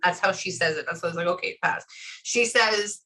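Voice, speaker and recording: A woman, working as a medium in a casual session, relaying messages in quick chatty bursts. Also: on the low side, sharp tone, poor audio. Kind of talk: casual reading session with clients.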